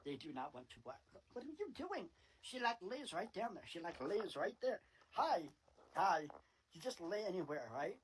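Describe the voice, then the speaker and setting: A woman's voice: fairly low pitch, big pitch swings, normal speed, slight background noise, rough recording. A woman ranting in a preachy, sarcastic way, repeating herself. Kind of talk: ranting monologue. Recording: faint music behind.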